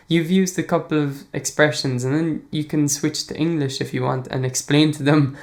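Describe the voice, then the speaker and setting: Chatty man hosting a podcast. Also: on the high side. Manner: enthusiastic, chatty, laughs often; reads listener emails aloud. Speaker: podcast host. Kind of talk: casual podcast chat.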